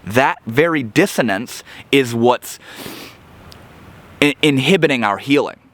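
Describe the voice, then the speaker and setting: A man's voice: medium pitch, animated, unhurried, fairly bright tone. A man giving a reflective motivational monologue to camera, earnest and searching, often restarting his phrases as he thinks. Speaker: self-help video creator.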